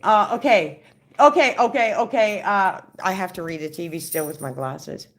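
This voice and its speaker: A woman's voice: mid-range voice, moderate pace. A woman chatting casually on a live stream, reading viewer comments off her phone, rambling and stammering through restarts.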